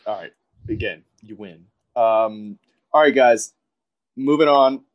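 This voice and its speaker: A man's voice: fairly low pitch, slow, lo-fi sound. A man co-hosting a podcast, rambling in casual banter, filling his talk with "like" and swearing often. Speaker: podcast co-host.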